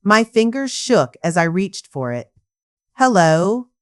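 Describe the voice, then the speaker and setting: A woman's voice: medium pitch, big pitch swings, unhurried, a bit bright. A woman reading a first-person family drama story with emotional, dramatic delivery. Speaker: narrator.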